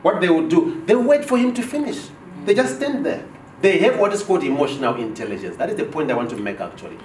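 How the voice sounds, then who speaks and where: A male trainer lectures a live class in a high, lively voice and keeps quizzing the room. He acts out short office scenes as he goes. The sound is roomy and distant, with echo from the training room and a faint hum of background noise. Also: fast talker. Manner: animated, asks the class questions and acts out dialogues. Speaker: business trainer.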